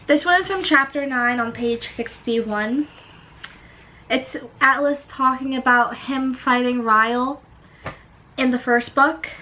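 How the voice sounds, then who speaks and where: A woman's voice: a little high, bright, forceful tone, a little hiss or hum, poor audio. A young woman talking casually in a book vlog, chatty and full of "like". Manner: chatty, fills talk with "like". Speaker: book vlogger. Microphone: camera propped up without tripod.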